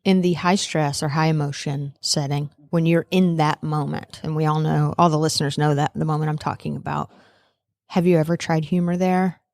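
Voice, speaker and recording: A woman hosts a podcast and asks thoughtful, engaged questions of her guest. Her voice is quite low for a woman. The recording is dry, with no room sound. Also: fairly even intonation, normal speed, vocal fry, a little mellow, no echo. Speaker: podcast host. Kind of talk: interview conversation.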